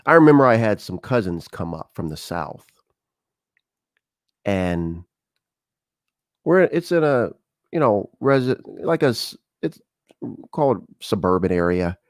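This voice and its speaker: This middle-aged man hosting a talk show has a lowish voice and takes his time, leaving long pauses. His manner is conversational as he spins animated stories full of acted-out dialogue, captured with studio quality and no room sound.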